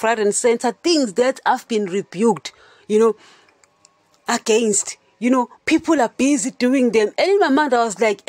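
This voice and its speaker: A woman's voice: fairly high pitch, darkish tone, dry recording. A woman hosting a Christian podcast, teaching in a casual, chatty way and often asking her listeners if they understand. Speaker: podcast host.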